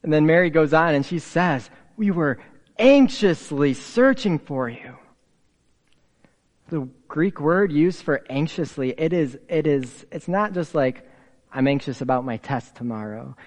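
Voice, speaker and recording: A man preaching a sermon as a pastor, telling the story in an animated way with playful asides. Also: a little high, unhurried. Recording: hall reverb.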